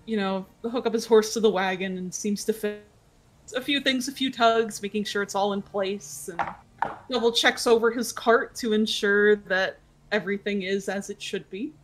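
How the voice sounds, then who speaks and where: A woman running a tabletop role-playing game, voicing a farmer and describing the scene. She hesitates often and fills gaps with "uh" and "um". Her pitch sits in a middle range. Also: steady tone, normal speed. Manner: hesitant, filler-heavy. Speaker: game master. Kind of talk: tabletop role-play narration.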